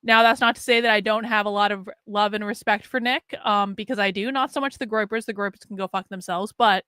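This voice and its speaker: A woman's voice: mid-range voice, steady tone, fairly quick, sharp tone, smooth, no room sound. A woman hosting a live stream, chatting casually with viewers, cursing freely and reacting to clips. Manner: chatty, profane, talks to viewers.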